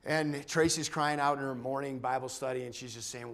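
A man telling a personal faith testimony in an earnest, halting way, often repeating words as he restarts. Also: mid-range voice, fairly even intonation, a bit bright. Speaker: church member sharing a testimony.

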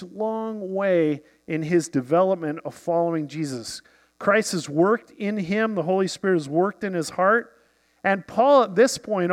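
A man's voice: high-pitched, long reverb tail. A man preaching an earnest, conversational sermon as pastor of a church.

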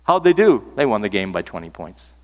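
A man's voice: fairly low pitch, very animated, a little fast. An older man preaching a sermon, folksy and earnest, repeating key phrases for emphasis. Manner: folksy, storytelling asides. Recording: reverberant hall sound.

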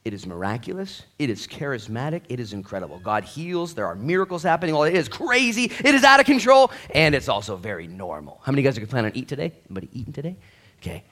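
A pastor with a medium-pitched voice preaches fast at a church service, joking and conversational. He swings between quiet asides and loud, excited bursts.

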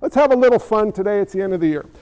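A man's voice: high-pitched, lively intonation, racing, a little mellow, clean tone, lo-fi sound. A man preaching a sermon as pastor, talking conversationally and playfully while questioning his congregation.

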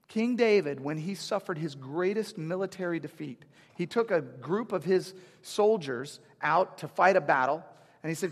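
A man's voice: a little high, moderate pace. A middle-aged man preaching a sermon to a congregation, telling stories and acting out the voices of the people in them. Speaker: pastor. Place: church sanctuary. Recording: long hall reverb.

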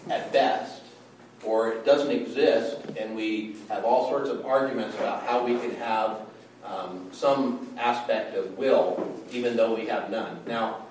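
A man's voice: mid-range voice, distant mic, slight background noise. A man teaching a Bible study in a conversational way, often checking in with his listeners. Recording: echoey room from afar.

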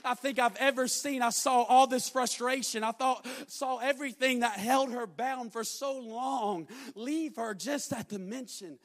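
A young man delivers a sermon in a notably high voice. He tells his story conversationally and then rises into loud, emphatic preaching. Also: unhurried, few pauses.

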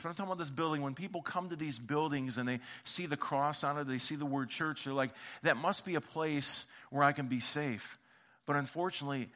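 A pastor tells stories in his sermon casually and conversationally, using slang, repeating words, and acting out the voices he quotes. His voice is a little high, bright, and forceful.

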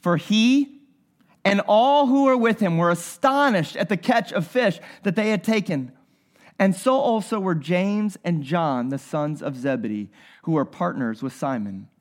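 A man's voice: sits high, lively intonation, unhurried. A man preaching a sermon as pastor, earnest and talking straight to the congregation, often repeating his phrases.

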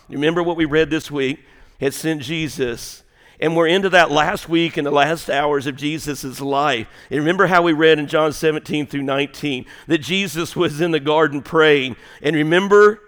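A male pastor with a high, bright voice preaches in a church. He drops to a near whisper in prayer, then builds to ringing shouts. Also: rough recording. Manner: dynamic, swings from hushed prayer to shouting. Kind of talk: sermon. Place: church sanctuary.

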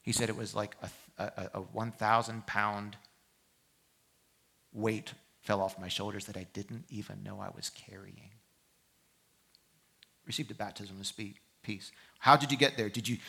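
A man preaching a sermon as pastor. He swings from loud, urgent exhortation to quiet, reflective storytelling. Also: fairly low pitch, husky. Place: church service.

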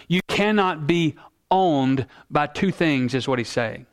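A male pastor preaching a sermon in an earnest, emphatic way, slowing down to stress key words. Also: on the high side.

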